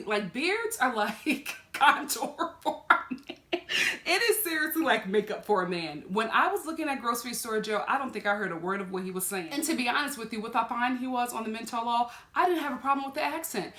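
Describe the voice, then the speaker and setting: A woman vlogger giving a casual, animated review of a TV show, laughing often and jumping into high exclaims. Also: echoey room.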